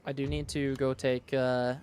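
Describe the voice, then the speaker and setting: Streamer, man, mid pitch; casual thinking-aloud game commentary, relaxed and matter-of-fact. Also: moderate pace. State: sleepy, yawning. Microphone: studio dynamic mic.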